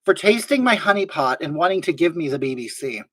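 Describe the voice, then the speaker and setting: Playing a gossipy, brash woman streamer in a live comedy broadcast, a performer rambles on and grows indignant reading chat messages out loud. The mid-range voice swings widely in pitch, moves fairly quickly and sounds a bit bright.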